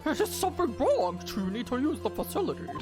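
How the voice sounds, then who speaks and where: A woman's voice: high-pitched, very animated, a little fast, over music. A woman voicing a timid old male judge with a stiff, formal courtroom manner while reading a game on stream. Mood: stern.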